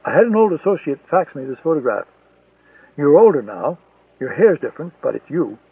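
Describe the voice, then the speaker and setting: A man's voice: a little high, big pitch swings, fairly quick, breathy edge, no room sound, exaggerated voice. A man reading an audiobook voices a brutal male East German secret police handler interrogating harshly. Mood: cold accusing. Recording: tinny, distant, dry lo-fi recording.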